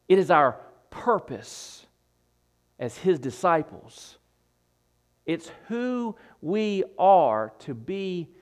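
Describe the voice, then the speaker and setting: A man preaching a sermon, emphatic, repeating phrases and dropping his voice for effect. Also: a little high.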